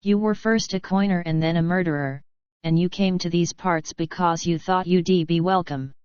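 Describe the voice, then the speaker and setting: A woman reading the lines of a gruff, suspicious male lodge boss with a blunt, hot-tempered manner, in a dull lo-fi recording. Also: lowish voice, fairly even intonation, normal speed, a little mellow, dry recording, lightly acted.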